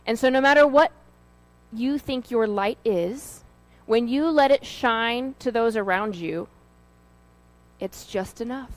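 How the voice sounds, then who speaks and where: Woman preaching casual and chatty, kinda high voice, dry close sound. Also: slow pace, no echo, rough recording. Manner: conversational, animated storytelling with fillers. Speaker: lay preacher. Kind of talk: informal sermon.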